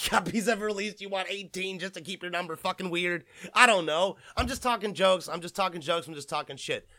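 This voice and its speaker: A man's voice: high-pitched, a little fast, hardly any pauses, bright, forceful tone, no echo, clean studio sound. A young man hosting a podcast, rambling and swearing freely as he rants and mocks. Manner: profane, rambling, mocking. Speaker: podcast host. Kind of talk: casual podcast rant.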